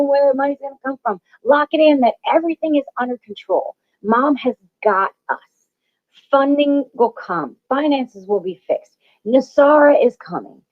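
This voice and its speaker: A woman gives a motivational spiritual talk in a somewhat high voice. She is emphatic and repetitive, and she swears freely. The audio sounds dull and lo-fi. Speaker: spiritual channel host.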